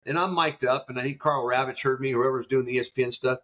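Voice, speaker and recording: A middle-aged youth baseball coach tells stories in a podcast interview, his mid-range voice fairly bright, quick, and fairly even in intonation. He speaks with emotion and fire, acting out the things he said to his players.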